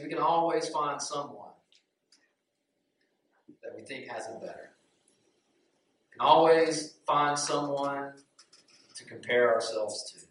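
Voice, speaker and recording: A man pastor preaching a sermon, telling a story in an earnest, animated way before leading a prayer. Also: mid-range voice. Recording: very echoey room, distant mic, faint noise.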